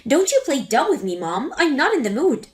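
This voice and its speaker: Lady reading an angry grown daughter, high voice, fed up with her mom. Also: sing-song, moderate pace, soft background music. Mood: indignant. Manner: indignant, forceful. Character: angry adult daughter confronting her mother. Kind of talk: dramatic story reading.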